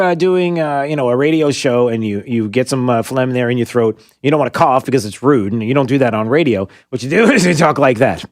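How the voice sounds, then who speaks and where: A man's voice: on the high side, dry recording. A man hosting a talk radio show, chatting in a rambling, self-amused way from a studio microphone.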